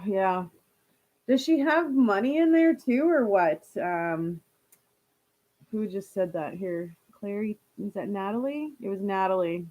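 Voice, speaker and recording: A woman's voice: medium pitch, darkish tone, dull audio. A woman chatting casually on a live stream, reading viewer comments aloud and laughing often.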